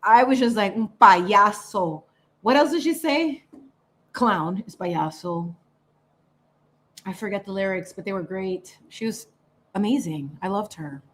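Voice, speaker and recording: Woman host, casual livestream chat, animated and chatty, mid-pitched voice, drops in Spanish phrases. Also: measured pace, pauses often.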